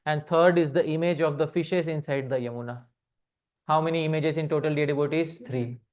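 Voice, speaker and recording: A man giving a devotional lecture on poetry who keeps addressing his listeners as dear devotees, asks them questions and chants verses slowly before translating them. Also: on the high side, fairly even intonation, a little mellow. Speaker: speaker giving a scripture class. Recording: slightly muffled recording.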